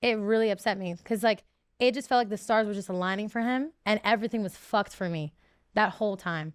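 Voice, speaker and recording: A woman's voice: mid-range voice, a little fast, clear, resonant tone, no echo, studio quality. A woman in her twenties, a guest telling her story in casual chat, emotional and full of fillers.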